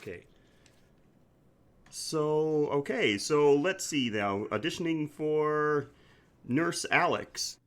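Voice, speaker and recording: Male podcast co-host, animated pitch, deadpan comic timing. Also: slow pace, pauses often. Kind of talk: casual podcast chat and comedy sketch.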